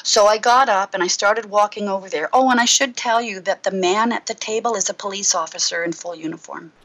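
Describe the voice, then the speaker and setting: A middle-aged woman minister recounts a personal faith story as a guest in conversation. Her voice sits at an everyday pitch for a woman. She tells it with lively, expressive storytelling. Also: a little fast, rough recording. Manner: lively storyteller who acts out her own past thoughts. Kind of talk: personal testimony in a casual interview.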